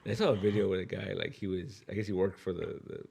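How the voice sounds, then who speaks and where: A man's voice: low voice, steady tone, quick pace, creaky, dark tone, slightly rough. A man co-hosting a podcast, chatting loosely, laughing often and swearing casually. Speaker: podcast co-host. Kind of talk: casual chat.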